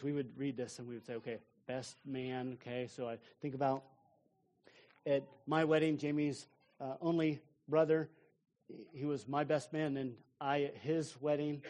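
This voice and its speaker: A middle-aged American pastor preaching a sermon, dropping to near whispers and rising to fervent, shouted praise. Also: male voice, high-pitched. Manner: preaching with big swings from hushed to shouted.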